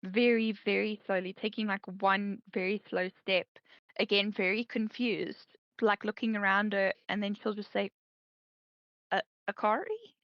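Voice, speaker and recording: A woman's voice: mid-range voice, level tone, normal speed, dry recording, muffled recording. A woman narrating her character's actions in a tabletop role-play game, hesitant and full of fillers. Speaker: player.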